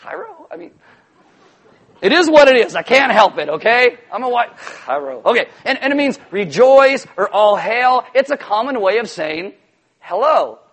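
A middle-aged man preaching a sermon as pastor, animated and jokey, acting out little voices. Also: extremely high pitch, normal speed.

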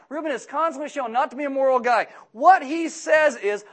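Middle-aged male preacher, high voice, animated and jokey, loud emphatic bursts. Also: fast, few pauses. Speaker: pastor. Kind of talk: sermon with humorous asides.

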